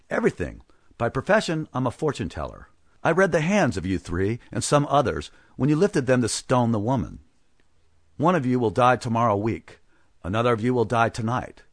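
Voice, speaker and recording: A man's voice: medium pitch, sing-song, no echo, clean studio sound. A man reading the part of a supernatural young stranger who speaks pleasantly and mockingly in a storybook reading. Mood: calmly ominous. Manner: pleasant, scoffing, unhurried.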